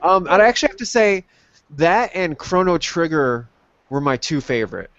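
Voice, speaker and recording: Brief: man, slightly high voice, rambling podcast host, dull dry recording. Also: sing-song, normal speed, fairly bright tone, dry recording. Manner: rambling with many ums, laughs often. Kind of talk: casual chat over gameplay.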